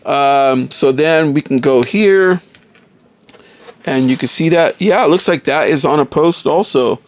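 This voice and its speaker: A man's voice: on the high side, unhurried. A man casually reviewing a toy figure, enthusiastic and often calling viewers folks.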